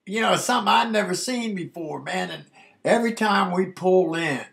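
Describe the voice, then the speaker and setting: A man's voice: high voice, moderate pace, creaky, fairly bright tone. A man in his sixties recounting a youthful memory in a laid-back, casual way, often saying "man". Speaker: storyteller recalling his youth. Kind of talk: casual spoken memoir.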